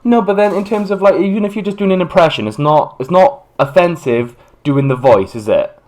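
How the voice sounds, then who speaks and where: A British man co-hosts a podcast, chatting casually and ramblingly with quick asides. His voice is high-pitched with a darkish tone.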